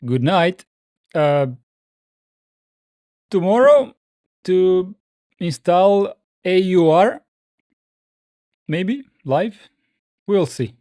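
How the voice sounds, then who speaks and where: Slow, unhurried man. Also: sits high, no room sound, clean studio sound. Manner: relaxed, halting, frequent "uh" pauses. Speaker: livestream host. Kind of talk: casual livestream chat, reading viewer comments.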